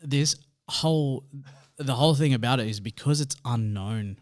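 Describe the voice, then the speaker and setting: A man's voice: medium pitch, normal speed, no room sound. An Australian man co-hosting a casual podcast, laid-back and full of fillers as he reassures and shares his own story. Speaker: podcast co-host.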